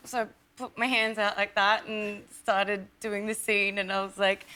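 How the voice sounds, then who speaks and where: A woman with an Australian accent, telling lively stories and chatting as a guest on talk shows. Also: mid-range voice, fairly quick, hardly any pauses, a little hiss or hum. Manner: lively storyteller, acts out quoted voices.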